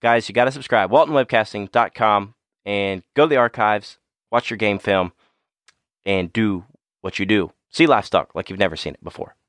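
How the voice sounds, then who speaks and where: Podcast cohost guy, smooth low voice, upbeat plug-y chat, dry sound. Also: normal speed, a bit bright, dry recording. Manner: upbeat, promotional. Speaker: podcast co-host. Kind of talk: casual chat with ad reads.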